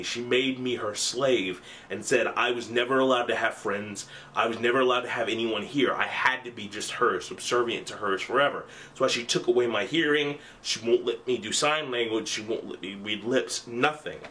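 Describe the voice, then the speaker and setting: A man's voice: medium pitch, moderate pace, hardly any pauses, bright, forceful tone, a little hiss or hum, close to an everyday voice. A man doing a cursed, bitter older aunt. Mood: grim.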